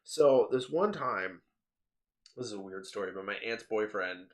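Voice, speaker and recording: A young man co-hosts a loose, casual podcast chat. He tells stories with animated energy, laughs often and swears freely. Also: on the low side, a little slow. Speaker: podcast co-host.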